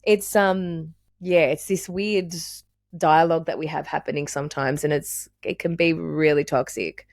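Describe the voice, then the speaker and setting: A woman's voice: deep voice, steady tone, moderate pace, gravelly, a little mellow, no echo, clean studio sound. A young adult woman hosting a podcast, chatting candidly and swearing freely, often laughing. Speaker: podcast host. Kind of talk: casual conversation.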